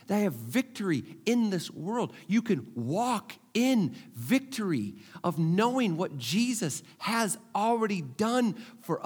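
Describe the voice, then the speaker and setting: A middle-aged man preaching a sermon as a pastor, animated, repeating his phrases and asking the crowd questions. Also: high-pitched, slightly rough.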